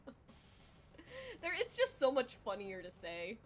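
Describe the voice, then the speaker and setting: A woman's voice: mid-range voice, wildly swooping pitch, a little slow, a little hiss or hum. A young woman chatting casually on a livestream while she draws, rambling and self-deprecating, with lots of filler words and playful exaggerated quotes. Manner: acts out quoted voices in exaggerated tones. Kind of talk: casual chat while drawing on stream.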